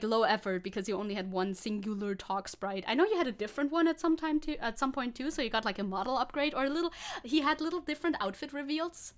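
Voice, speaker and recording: A woman VTuber streaming live, chatting casually and sarcastically while reading and answering chat. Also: medium pitch. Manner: sarcastic, reads chat aloud and laughs often.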